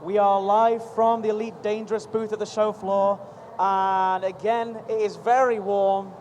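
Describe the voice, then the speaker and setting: A man hosting a live stream from a busy convention booth, chatty and energetic, rambling with quick restarts. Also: high-pitched. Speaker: livestream host at a game convention booth. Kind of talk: upbeat live event hosting. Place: busy convention show floor. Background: faint crowd noise.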